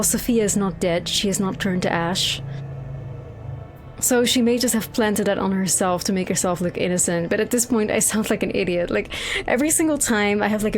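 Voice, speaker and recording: A young woman giving casual, profane commentary while playing a video game, rambling and incredulous. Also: mid-range voice. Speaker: game streamer.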